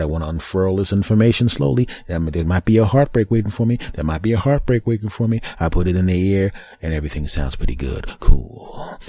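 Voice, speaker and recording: A man's voice: very deep voice, dark tone, breathy edge. A man hosting a comedy podcast, telling a self-mocking story animatedly with scat sound effects. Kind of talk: comic storytelling monologue.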